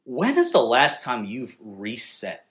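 A man's voice: mid-range voice, huge pitch swings, slow, a bit bright. A young man preaching a sermon in a conversational, joking manner, talking directly with the congregation. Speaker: pastor.

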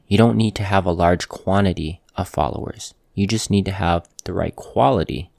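Man, low voice, gravelly, dry close sound, calm earnest motivational talk, repeats himself for emphasis. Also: moderate pace, dry recording. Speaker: tattoo artist, show host.

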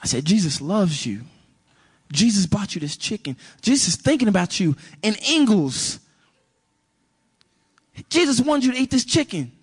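A man's voice: high voice, moderate pace, long pauses, slightly rough. A man preaching a sermon and telling a personal story, acting out the dialogue as he goes. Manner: animated storytelling, acts out dialogue.

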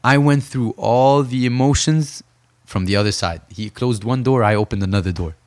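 A young man, a professional boxer, telling an intense story in a conversational interview and slowing down to stress his key points. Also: mid-range voice, a little mellow. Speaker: professional boxer, podcast guest.

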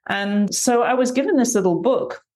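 A woman author interviewed as a guest, speaking in a calm, thoughtful and earnest way. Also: a little high, normal speed. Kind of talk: reflective interview storytelling. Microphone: video call.

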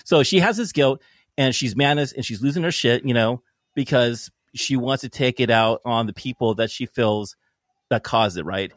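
A man's voice: medium pitch, normal speed, dry recording, studio quality. A man co-hosting a casual film review chat, talking emphatically and swearing often. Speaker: podcast co-host.

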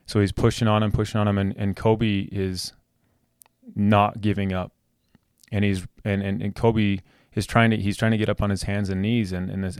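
A man's voice: lowish voice, a little mellow, dry recording, clean studio sound. A man hosting a podcast, telling a heartfelt personal story about his son with many restarts and repeated words. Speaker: podcast host.

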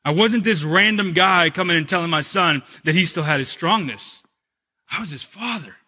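Male pastor, animated storyteller, high husky voice, preaching a sermon. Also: moderate pace. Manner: animated storyteller, humorous then earnest.

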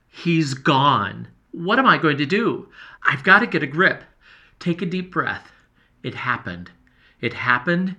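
A man's voice: mid-range voice, exaggerated voice. A man voicing an earnest boy diarist. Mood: distressed. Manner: lively, emotional, confiding diary-style delivery. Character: earnest boy explorer keeping a journal. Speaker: narrator. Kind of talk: first-person audio storytelling.

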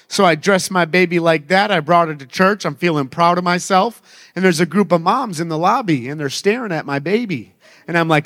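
A man's voice: high voice, brisk, fairly bright tone. A man in his thirties, a traveling evangelist, preaching a sermon with upbeat storytelling and self-mocking humor.

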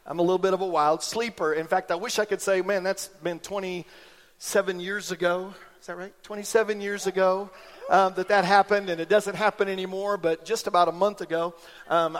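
High-voiced pastor in reverberant church. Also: male voice, moderate pace. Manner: animated storyteller, acts out voices in anecdotes. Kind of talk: sermon with personal stories. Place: church sanctuary.

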